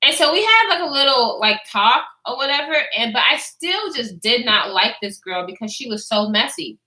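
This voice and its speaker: Blunt, high-voiced woman vlogger. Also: big pitch swings, normal speed, bright, forceful tone. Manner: blunt, profane and chatty, answering chat as she talks. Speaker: vlogger telling a story to live chat. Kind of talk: casual storytime chat. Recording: echoey room.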